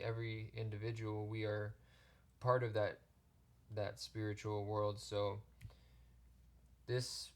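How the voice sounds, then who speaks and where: Man, tarot reader; slow, even delivery, low and flat, halting gentle phrasing. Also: smooth. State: choked up, near tears. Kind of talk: pick-a-card tarot reading.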